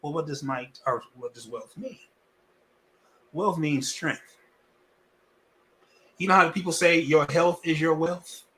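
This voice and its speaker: Male pastor, animated sermon, somewhat high voice, folksy and repetitive, moving between loud and hushed. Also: slow pace, long pauses. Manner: lively preaching with wide swings between loud and hushed.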